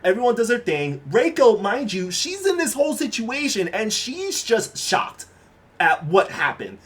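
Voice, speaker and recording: A man's voice: high voice, big pitch swings, unhurried, fairly bright tone. A man casually recapping a horror manga in laid-back, slangy speech that is full of fillers and the odd swear word.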